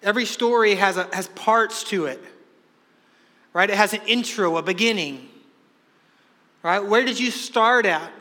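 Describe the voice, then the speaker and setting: High, bright-voiced preacher man in a hall. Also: unhurried, pauses often. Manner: energetic preaching, acts out quoted voices. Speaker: pastor. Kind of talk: sermon. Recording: long hall reverb.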